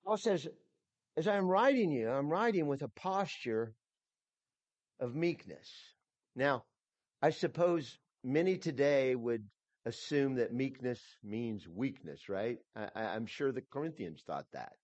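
A man's voice: medium pitch, lively intonation, measured pace, a little mellow, no echo, dull audio. A man preaching an expository sermon, emphatic and repeating himself, with frequent restarts. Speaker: pastor.

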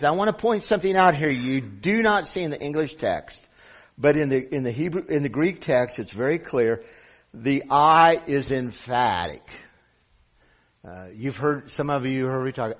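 A man's voice: medium pitch, expressive, measured pace, fairly bright tone. A middle-aged man preaching a sermon as pastor, earnest and building to emphatic peaks.

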